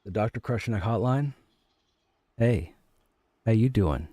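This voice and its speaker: A man's voice: on the low side, expressive, slow, warm tone, dry recording. A man streaming a game from home, chatting casually and rambling, often repeating his phrases. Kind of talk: casual chat.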